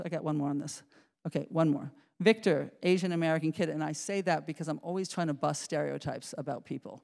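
A middle-aged woman, a psychology professor, giving a lively public lecture, restarting sentences and talking straight to the audience. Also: deep voice. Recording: reverberant lecture hall.

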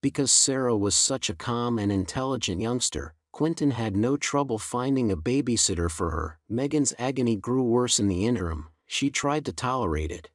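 A man narrating a scripted melodramatic story in an even, unhurried reading. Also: medium pitch, dry recording, studio quality.

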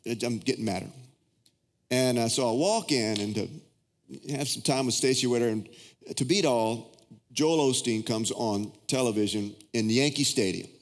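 A middle-aged pastor preaches at a moderate pace in a large church auditorium, the reverberant hall echoing his voice. He shares personal stories and swings into high, excited voices as he acts out his prayers.

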